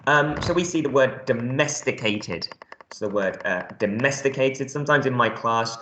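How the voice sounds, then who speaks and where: A man's voice: mid-range voice, moderate pace, bright, forceful tone, echoey room, slight background noise. A male primary school teacher giving a recorded reading lesson, explaining words step by step in a friendly way with lots of ums.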